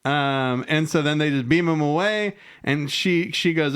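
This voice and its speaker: A man's voice: fairly high pitch, measured pace, fairly bright tone, clean tone. A man co-hosting a podcast in casual chat, swearing freely and acting out lines from the episode he is recapping. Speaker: podcast co-host.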